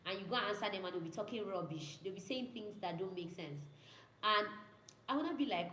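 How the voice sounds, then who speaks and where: Her voice is on the low side, a bit bright and a little fast, as this young student pilot chats casually and answers viewer questions. She repeats herself and mimics radio calls. Slight background noise and faint ambience sit in an echoey room.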